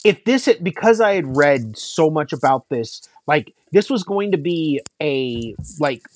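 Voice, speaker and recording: A man's voice: a little high, expressive, measured pace. A man co-hosting a casual movie talk, rambling with many fillers and restarts. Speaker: podcast co-host.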